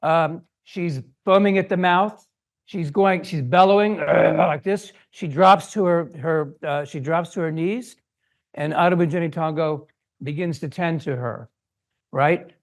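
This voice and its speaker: Older guy lecturing in a hall, animated storyteller, bit high voiced. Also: a little slow. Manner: animated, acts out quoted voices. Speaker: guest lecturer.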